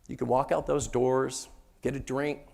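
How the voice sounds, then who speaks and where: A man giving an inspirational stage talk to an audience, joking with the crowd and turning hushed and tender when telling a story. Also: medium pitch, level tone, normal speed, gravelly. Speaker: motivational speaker, former sports mascot performer.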